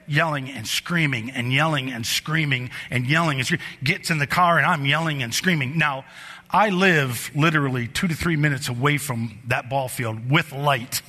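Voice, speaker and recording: Bright-voiced preacher in a reverberant hall. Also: male voice, moderate pace. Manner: animated storyteller, bursts higher and louder in anecdotes. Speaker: pastor. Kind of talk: sermon with personal storytelling. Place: church sanctuary.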